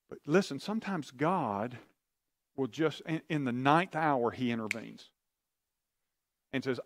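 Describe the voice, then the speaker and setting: A man's voice: a little high, dry recording, studio quality. Earnest male pastor telling a story. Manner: earnest, confiding, acts out prayers and quotes. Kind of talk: sermon storytelling.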